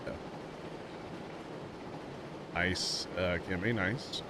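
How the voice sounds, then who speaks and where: A man's voice: low-pitched, drawn-out words. Rambling streamer man with background noise. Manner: rambling, animated storytelling with many fillers. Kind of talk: casual chat while streaming a game.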